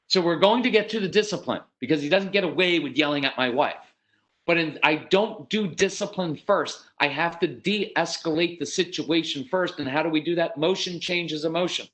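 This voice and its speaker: A man's voice: fairly high pitch, moderate pace, poor audio. A man giving a conversational parenting seminar, talking directly to his audience, asking them questions and acting out quoted dialogue. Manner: animated, acts out quoted dialogue. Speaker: parenting speaker.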